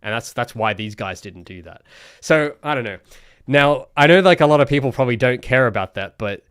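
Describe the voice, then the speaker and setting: A man's voice: medium pitch, expressive, a little fast, fairly bright tone, clean tone, no room sound, clean studio sound. A young man, a solo game developer, talks through interface design on a livestream in a loose, rambling way, full of restarts and fillers. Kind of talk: casual livestream commentary.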